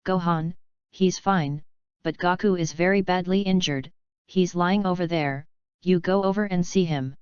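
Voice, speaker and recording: A woman reading the lines of a weary young male martial artist who reassures his friends gently. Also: fairly low pitch, measured pace, clean tone, dry recording, lo-fi sound, natural voice. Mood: reassuring.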